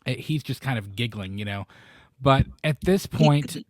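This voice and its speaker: Male co-host in casual movie talk; lively storyteller who jumps into character voices, medium pitch, dry recording. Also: measured pace, no room sound. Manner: animated, acts out quoted lines with sudden high or low voices. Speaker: podcast co-host. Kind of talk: casual chat about a film.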